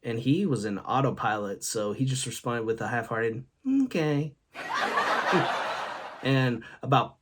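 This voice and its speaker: A man's voice: mid-range voice, fairly even intonation, normal speed, few pauses, noisy background. A man hosting a comedy show, telling stories about his grandfather and laughing at his own jokes. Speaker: host. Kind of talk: comedic storytelling monologue.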